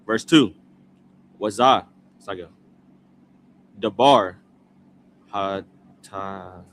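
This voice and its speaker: A man reading scripture aloud slowly, sounding out each word in pieces and repeating after a prompter. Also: on the low side, fairly bright tone. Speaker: scripture reader.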